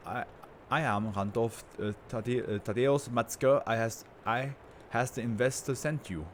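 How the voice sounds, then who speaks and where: A man's voice: mid-range voice, unhurried, slight background noise, natural voice. A man voicing an arrogant male tycoon who is a brain in a jar, speaking in a grandiose, contemptuous way. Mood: haughty.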